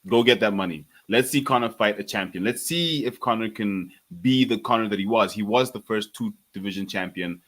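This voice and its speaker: A man co-hosting a casual fight-sports podcast, giving his views in a measured way and laughing mid-sentence. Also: on the low side, fairly bright tone. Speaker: podcast co-host. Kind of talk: casual MMA chat.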